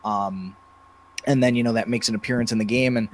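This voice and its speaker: A man's voice: mid-range voice, steady tone, brisk, slight background noise. A man co-hosting a podcast and chatting casually about running tabletop games, hesitant and full of restarts. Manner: hesitant, many fillers and restarts. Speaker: podcast co-host and game master. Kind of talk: casual chat.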